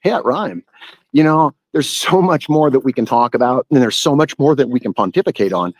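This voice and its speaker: A man's voice: mid-range voice, lively intonation, fairly quick, husky, no echo, rough recording. A man hosting a live stream, chatting casually in a rambling, playful and earnest way. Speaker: livestream host.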